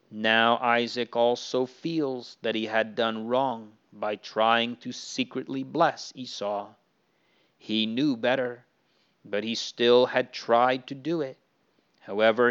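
A man's voice: medium pitch, fairly bright tone, clear, resonant tone. A man narrating a Bible story to children in an earnest way, sometimes speaking straight to the characters. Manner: earnest, addressing the characters directly. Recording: dull lo-fi recording.

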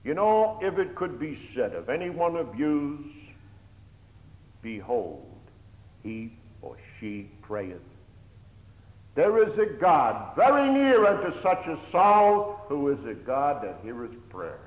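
A man preaching a sermon, swinging between loud pleading and hushed near-whispers, with old-fashioned pulpit phrasing that keeps calling his listeners "my hearers". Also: on the high side, very animated, measured pace, hardly any pauses. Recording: echoey hall, long reverb.

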